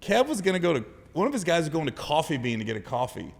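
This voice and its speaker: A man guest on a podcast, telling funny stories in a loud, animated way and acting out other voices. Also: on the high side, fast talker, creaky, big-room sound. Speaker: comedian guest. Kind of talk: casual podcast storytelling.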